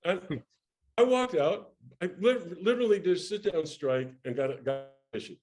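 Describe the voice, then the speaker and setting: Older man telling a lively showbiz story. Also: high voice, moderate pace. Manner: lively storyteller, acts out quoted voices, many restarts. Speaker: actor telling a career story as interview guest. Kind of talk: animated anecdote in casual interview.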